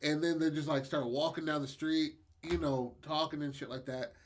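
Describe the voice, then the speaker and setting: Podcast co-host, male, a touch high-pitched, slangy and loose, laughs a lot as he talks. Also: fairly even intonation, moderate pace. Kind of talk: casual storytelling chat.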